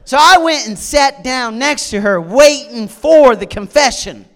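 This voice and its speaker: A man's voice: very high voice, unhurried. A man preaching a sermon, telling jokey stories from his own life and acting out the dialogue. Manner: lively, jokey storyteller who acts out dialogue. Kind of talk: humorous storytelling sermon.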